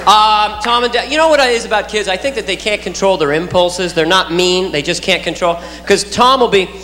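A man's voice: high voice, fairly quick. A man doing stand-up, rambling and making silly noises and impressions for the audience. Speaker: stand-up comedian. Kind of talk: stand-up routine. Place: large hall with a live audience. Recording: roomy live hall, loud crowd and noise.

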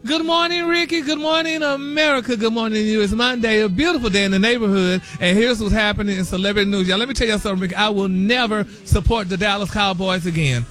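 High-voiced sassy gossip man. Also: quick pace, hardly any pauses, fairly bright tone, faint music behind. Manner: sassy, dramatic, peppers speech with "honey" and "y'all". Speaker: celebrity news correspondent. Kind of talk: gossipy morning radio segment.

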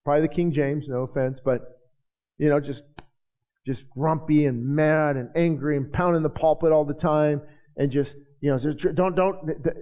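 A man preaching a sermon in a church, joking with the congregation and building to shouted passages. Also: fairly high pitch, fairly even intonation, moderate pace. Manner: jokey asides to the congregation. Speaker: pastor. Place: church sanctuary. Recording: hall reverb, dull lo-fi sound.

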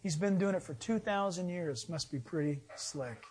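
A middle-aged male pastor preaching a sermon, telling a story in a lively way and acting out the voices of the people in it. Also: high-pitched, normal speed. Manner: storytelling, animated, acts out voices in anecdotes.

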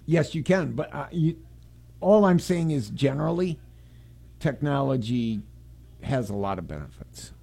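Man, radio talk host, gravelly, mellow tone, casual rambling chat. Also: mid-range voice, expressive, unhurried, long pauses.

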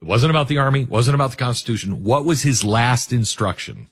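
Middle-aged male host, husky, swings his pitch around a lot, jokes as he tells a story. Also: a little fast, hardly any pauses. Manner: animated, jokey asides. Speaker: radio talk show host. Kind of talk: storytelling monologue.

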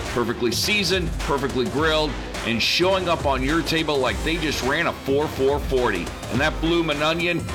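A man reading a local restaurant commercial in a playful, hyped sports-commentary style. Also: a little high. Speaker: local radio ad voice.

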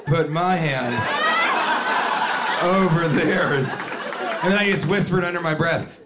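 A male comedian performs stand-up on a club stage, his voice high and lively. He swings into loud shouted character voices. The live recording carries clear audience laughter and room noise. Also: slow pace, pauses often, a loud crowd. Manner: animated storytelling, sudden shouted voices.

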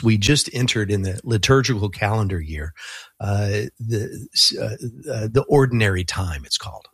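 A man with a lowish voice speaks as a radio guest, unhurried and thoughtful. He fills his sentences with ums and small restarts and often lets a chuckle slip in. The room is dry and close, with no echo. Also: slightly rough. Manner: relaxed, thoughtful, many fillers and restarts; chuckles often while talking. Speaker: guest podcaster on a Christian radio show. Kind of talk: casual interview talk.

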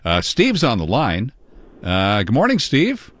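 A man hosting a morning radio show from a studio, easygoing and halting with fillers. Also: mid-range voice, wildly swooping pitch, a bit bright, no echo. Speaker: radio host.

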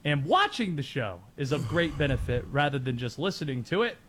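A man hosts a sports talk show in a chatty, excitable way, and he laughs easily. His voice sits a little high and swings widely in pitch. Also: a little fast, slight background noise. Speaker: sports radio host.

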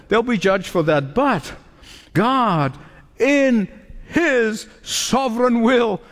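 High-voiced man preaching in a reverberant hall. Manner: preaching, emphatic repetitions, dramatic pauses. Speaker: pastor. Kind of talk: sermon. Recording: long reverb of a large hall.

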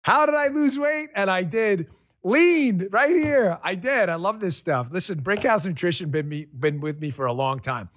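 A man's voice: high-pitched, lively intonation, normal speed, hardly any pauses, fairly bright tone, no echo. A man reading a personal testimonial ad on the radio in a folksy, enthusiastic, conversational way.

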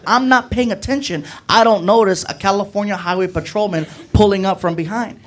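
A man doing stand-up storytelling, animated, acting out his friends' voices and laughing along. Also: high voice, fairly quick, few pauses. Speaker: stand-up comedian.

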